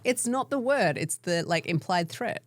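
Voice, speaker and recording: A woman's voice: on the low side, animated, moderate pace, dry recording, studio quality. An Australian woman co-hosting a podcast, telling wry, self-deprecating stories in casual chat. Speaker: podcast co-host.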